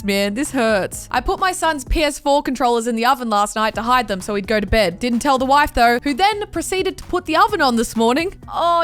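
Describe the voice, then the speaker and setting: Lively Australian woman reacting comedically. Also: sits high. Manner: animated, swears, acts out quotes in put-on voices. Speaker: YouTube host reacting to posts.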